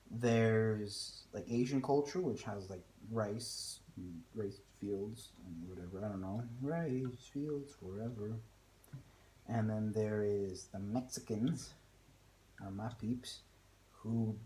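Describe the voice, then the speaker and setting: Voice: mid-range voice, warm tone, a little hiss or hum. Rambling, self-mocking home cook vlogging. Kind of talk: casual cooking vlog chatter. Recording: echoey room with faint music.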